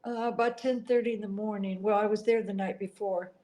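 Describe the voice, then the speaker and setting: A woman's voice: mid-range voice, fairly even intonation, a little fast, warm tone, poor audio. A middle-aged woman answering interview questions in an earnest, emotional way, now and then apologizing for getting upset. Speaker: interview guest.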